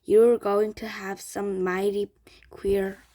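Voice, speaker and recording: A woman's voice: medium pitch, flat delivery, slow pace, mellow, close to an everyday voice. A woman reading a worried doubtful mother. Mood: fretful. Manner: doubtful, fretful.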